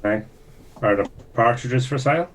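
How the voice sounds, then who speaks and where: A man playing a tabletop game, speaking in character in a formal, measured way. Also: medium pitch, poor audio. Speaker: player.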